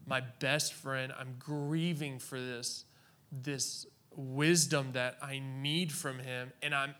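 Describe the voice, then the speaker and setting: A man from Oklahoma giving a personal faith testimony in an earnest, halting way, with long dramatic pauses. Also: mid-range voice, fairly even intonation, pushed and bright.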